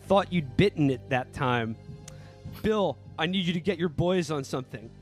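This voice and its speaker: A man's voice: a little high, expressive, moderate pace, soft background music. A man co-hosting a comedy podcast, reading a novel aloud in a mock-earnest tone and breaking into laughter. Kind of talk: comedic dramatic reading with banter.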